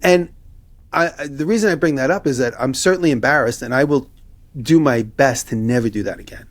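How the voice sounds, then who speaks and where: A man tells a long story in relaxed conversation with his co-hosts. His voice sits at an average pitch, and he jumps into the voices of the people he describes. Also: a little fast. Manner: animated anecdote telling, acting out both sides of quoted exchanges. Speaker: podcast co-host. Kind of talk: casual storytelling chat.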